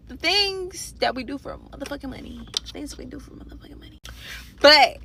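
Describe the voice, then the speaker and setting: Woman, high bright voice, casual storytime rant, profane and animated. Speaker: storyteller vlogger. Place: parked car in a parking garage.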